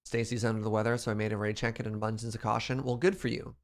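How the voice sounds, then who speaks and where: A man's voice: on the low side, little pitch movement, racing, vocal fry, slight background noise. A man casually commenting as he streams a building game, chatty and playful, talking to his chat.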